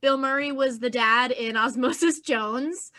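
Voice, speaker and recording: A woman on a casual podcast, joking and swearing in a relaxed, playful way. Her voice sits high and sounds bright and clear. She chats along easily with her co-hosts. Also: a little slow. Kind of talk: casual chat.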